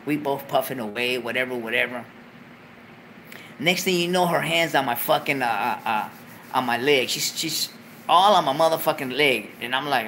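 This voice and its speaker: A man hosting a talk show, telling a story in a profane, animated way, loudly acting out what was said. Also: mid-range voice, a little hiss or hum. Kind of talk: casual storytelling.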